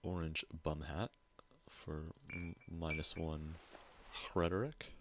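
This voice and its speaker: A man's voice: extremely low pitch, steady tone, slow, background noise. A man streaming a game, reading its text aloud with playful asides in casual commentary. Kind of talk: casual let's-play commentary.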